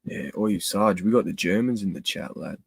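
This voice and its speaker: Sweary young Australian man, very low voice. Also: brisk, vocal fry, husky, no echo. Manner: laid-back, sweary, laughs a lot. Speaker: livestream host. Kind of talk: casual live-stream chat.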